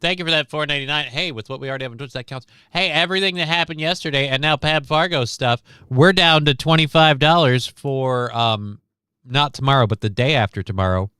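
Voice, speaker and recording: A man's voice: mid-range voice, fairly quick, bright, forceful tone, clean tone, dry recording, studio quality. A tired man hosting a casual livestream, rambling and reading the chat aloud as he goes. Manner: rambling, self-interrupting, reads chat aloud. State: tired, short of breath. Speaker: livestream host.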